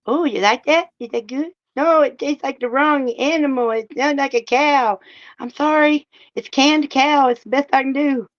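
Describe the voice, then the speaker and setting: Brief: high-voiced woman, casual stream co-host, cooing baby talk, dull lo-fi audio. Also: normal speed, no room sound. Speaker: livestream co-host. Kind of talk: casual livestream chat.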